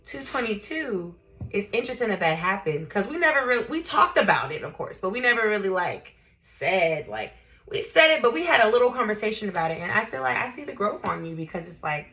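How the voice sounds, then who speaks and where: A woman's voice: medium pitch, very animated, fairly quick, bright, forceful tone. A woman hosting a casual livestream chat as a tarot reader, chatty and laughing, reading out viewer comments.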